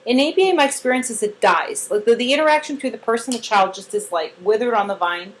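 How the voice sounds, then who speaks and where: A woman with a fairly high voice talks quickly over a slight hiss or hum in a rough recording. She's a trainer casually explaining a therapy method, acting out quotes like an animated storyteller and peppering her speech with "like." Now and then she bursts into cheerful, voiced praise.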